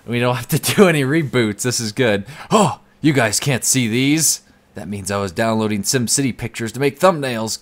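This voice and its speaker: A man's voice: medium pitch, moderate pace. A young man streaming live from home, chatting casually and reading out the chat.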